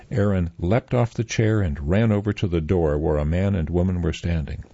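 A man reading a story aloud as narrator, in measured scripted narration. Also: low voice, dark tone, dry recording. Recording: dull, muffled dry recording.

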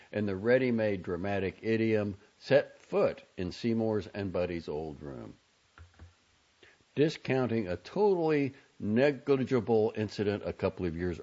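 A man narrating a novel as an audiobook, reading in a measured, expressive storytelling manner. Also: low-pitched, muffled recording.

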